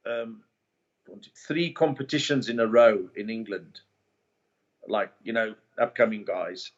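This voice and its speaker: A man's voice: medium pitch, lo-fi sound. A man with a South African accent, a comedian guest telling career stories in a casual interview. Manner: animated anecdotes with put-on quoted voices.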